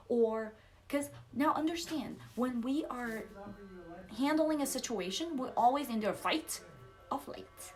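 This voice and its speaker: A young adult woman giving a casual spiritual coaching talk, animated and laughing, acting out outbursts. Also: on the high side, a little slow. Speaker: psychic coach.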